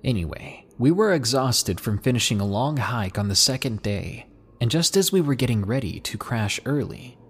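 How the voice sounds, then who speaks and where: A man with a slightly husky voice reading out submitted camping horror stories in a lively narration, dropping low and hushed at the tense moments. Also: normal speed. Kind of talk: scripted horror story narration.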